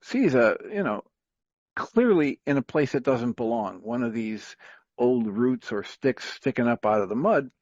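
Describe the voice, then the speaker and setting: Man spinning a parable on a radio call, loose and filler-heavy, medium pitch, dull dry lo-fi sound. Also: no room sound. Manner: rambling, filler-heavy, chuckles often. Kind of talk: casual storytelling on talk radio.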